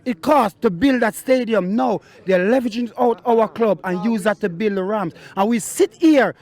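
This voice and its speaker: A man's voice: sits high, normal speed, a little mellow. A man, a football fan, ranting passionately to camera outside the ground. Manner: impassioned, emphatic, repeats for stress.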